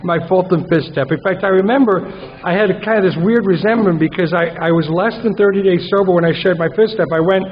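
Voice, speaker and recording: Brief: high-voiced male conference speaker, wry and rambling, dull recording in a big echoing hall. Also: fairly quick, slight background noise. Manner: self-mocking, rambling, comic asides. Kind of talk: conference talk. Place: large conference hall with an audience.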